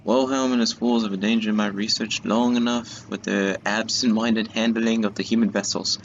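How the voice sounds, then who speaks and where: A haughty, cold-hearted castle lord, as a gamer puts him on, speaking low and gravelly in an affected accent. His voice comes through a dull, lo-fi mic. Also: brisk, fairly bright tone, slight background noise. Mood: scornful. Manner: haughty, put-on accent while reading.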